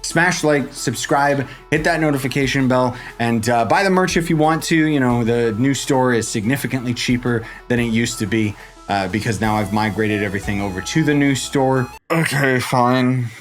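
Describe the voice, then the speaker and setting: A man who makes game guides talks into a desk microphone at a normal pace, with soft music in the background. His casual tutorial commentary rambles playfully, full of jokey asides and sudden leaps in pitch.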